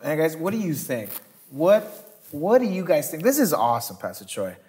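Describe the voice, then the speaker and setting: A man's voice: a little high, very animated, normal speed, darkish tone. A man, a pastor co-hosting, talking earnestly and casually, with frequent affirming interjections. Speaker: pastor, co-host. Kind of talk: casual conversation.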